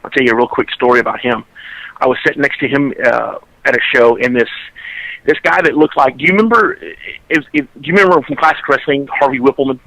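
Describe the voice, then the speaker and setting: A man's voice: medium pitch, fast talker, pushed and bright, no echo, rough recording. A man, a podcast co-host telling a long story in casual chat, rambling and restarting his sentences.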